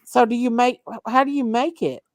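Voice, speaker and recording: A woman's voice: a little high, fairly even intonation, moderate pace. A woman from Michigan with a Southern country accent, chatting casually in a folksy way, with eager reactions. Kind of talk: casual chat.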